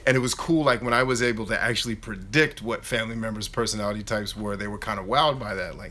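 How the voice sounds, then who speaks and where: A man in his thirties hosting a casual live Q&A, chatting in an animated way and reading out viewer questions. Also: fairly low pitch, fast, hardly any pauses, a little hiss or hum. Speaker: YouTube host answering live chat.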